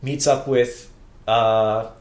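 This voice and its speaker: A man's voice: medium pitch, fairly even intonation, extremely slow, reverberant. A man recapping a show in casual chat, rambling and acting out quoted lines. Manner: rambling, restarts often, acts out quotes. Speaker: podcast co-host.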